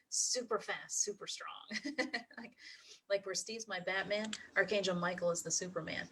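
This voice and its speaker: Laughing, low-pitched woman livestream host. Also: normal speed, slight background noise, low-quality recording. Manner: laughs often, warm encouraging tone. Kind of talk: casual livestream talk to viewers.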